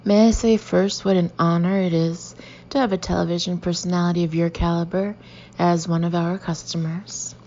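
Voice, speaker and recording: A woman voicing a posh, smooth-talking male store manager, measured and coolly formal. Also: lowish voice, fairly even intonation, a little mellow, muffled recording, slight background noise, close to an everyday voice. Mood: courteous.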